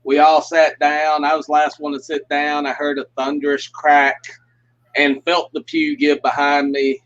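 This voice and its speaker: Guy on a video call telling folksy stories, laughs a lot, voice a bit high, muffled lo-fi sound. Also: monotone, moderate pace, fairly bright tone. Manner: folksy storyteller, laughs often. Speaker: guest puppeteer. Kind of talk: casual livestream chat, storytelling. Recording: muffled lo-fi audio.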